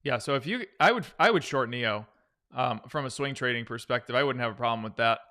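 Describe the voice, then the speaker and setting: A man hosts a live stock-trading stream, chatting loosely through viewer questions and casually analyzing charts while often restarting his sentences. His mid-range voice is animated and brisk, with a bright, forceful tone.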